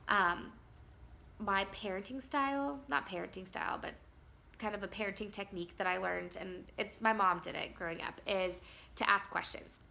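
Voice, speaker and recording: Chatty gravelly-voiced woman vlogger. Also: medium pitch, pushed and bright. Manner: chatty, rambling, many fillers. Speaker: vlogger and mom. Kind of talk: casual storytelling to camera.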